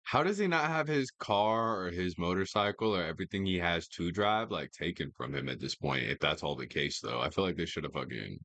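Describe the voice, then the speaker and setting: A man's voice: low-pitched, expressive, a little fast, few pauses, fairly bright tone, dry recording. A male host casually joking and commenting while reacting to a video. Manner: casual, joking, laughs often.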